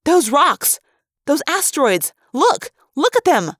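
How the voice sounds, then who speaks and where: A woman putting on a higher, breathless voice for an excitable young human woman. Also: slow pace, no echo, studio quality, exaggerated voice. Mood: alarmed.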